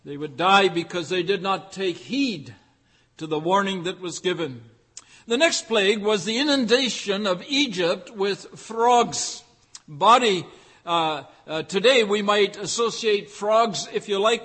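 Brief: male pastor with a high voice, measured, rhetorical sermon delivery in a reverberant church. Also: a bit bright, slightly rough. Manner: deliberate, rhetorical, repeats phrases for emphasis.

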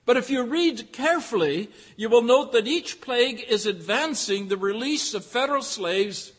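A man preaching a sermon as a pastor, deliberate and rhetorical, repeating phrases for emphasis. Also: very high voice, a bit bright, slightly rough, long reverb tail. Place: church.

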